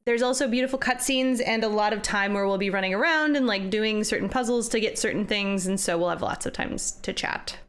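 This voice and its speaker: A woman's voice: mid-range voice, fairly quick, hardly any pauses, a bit bright, smooth. A woman co-hosting a game stream, upbeat and friendly in casual chat. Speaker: stream co-host.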